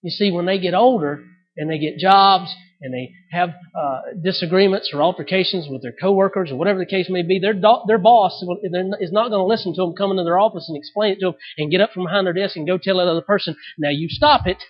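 High-pitched male preacher, dramatic loud-to-soft delivery, dull recording. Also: fast. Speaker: pastor. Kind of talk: sermon.

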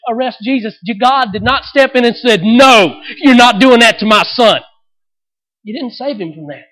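High-voiced preacher with dramatic swings. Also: male voice, low-quality recording. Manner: dramatic preaching with sudden loud outbursts and soft drops. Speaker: pastor. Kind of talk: sermon.

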